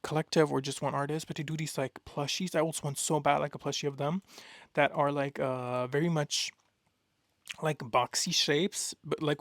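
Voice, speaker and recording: Young male vlogger, gravelly and a touch high, gushes and rambles. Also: dry recording, studio quality. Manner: excitable, gushing, rambling with many fillers. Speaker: art vlogger. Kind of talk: casual chat.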